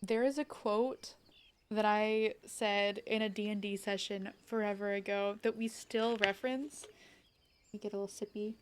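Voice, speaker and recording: A woman's voice: medium pitch, fairly even intonation, moderate pace, slight background noise. Bubbly young woman streamer chatting. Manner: bubbly, rambling, lots of "like" fillers and laughter. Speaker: game streamer. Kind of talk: casual live-stream chat.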